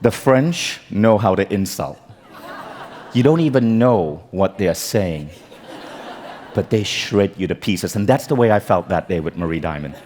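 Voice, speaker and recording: A man from Malaysia giving a humorous motivational talk on stage, telling stories in an animated, joking way. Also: low voice, a little slow, a little hiss or hum. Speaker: keynote speaker. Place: large event hall. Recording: stage talk with long hall reverb.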